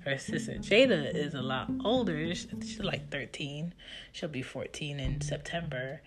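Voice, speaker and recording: A woman in her thirties casually telling stories about her children in an animated, chatty way. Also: low-pitched, unhurried. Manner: animated, chatty, acts out her kids' lines. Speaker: mother telling family stories. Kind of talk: casual storytelling. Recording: guitar music playing behind the voice.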